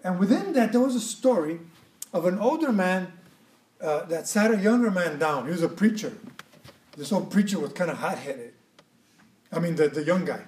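A man's voice: high-pitched, lively intonation, normal speed, long pauses, darkish tone, echoey room, far from the mic, poor audio. A man preaching a sermon in a conversational way, often repeating words and adding asides to his listeners. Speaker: pastor.

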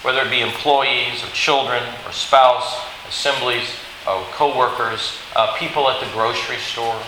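A man preaching a sermon, telling a Bible story in an animated way and acting out the quoted lines. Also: medium pitch, moderate pace. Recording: very echoey hall with faint hiss.

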